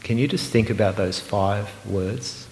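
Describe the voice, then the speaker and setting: A man preaching a sermon, earnest and emphatic, sometimes slowing to a hushed, meditative repetition. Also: on the low side, slight background noise. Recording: roomy hall with long reverb.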